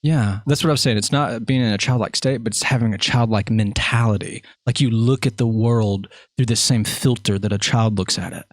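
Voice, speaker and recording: A man's voice: on the low side, fairly quick, few pauses, no echo, studio quality. A man hosting a podcast interview, chatting casually in a jokey, rambling, self-mocking way. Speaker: podcast host.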